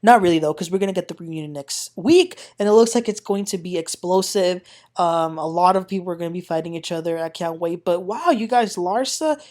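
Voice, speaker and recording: A woman hosting a casual recap of a reality TV episode, opinionated, expressive and gossipy. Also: lowish voice, brisk.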